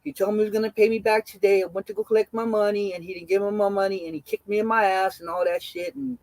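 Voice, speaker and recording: A man's voice: high voice, steady tone, fast talker, a little mellow, no room sound, rough recording. A man quoting a panicked adult man who keeps pleading to get his money back, in a casual storytelling voice. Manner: pleading, repetitive.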